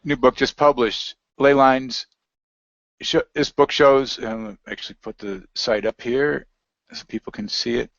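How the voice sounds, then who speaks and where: A man's voice: medium pitch, fairly even intonation, measured pace, a bit bright, no echo. A man talking casually as an interview guest, rambling and reading aloud from web pages. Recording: dry, dull lo-fi audio.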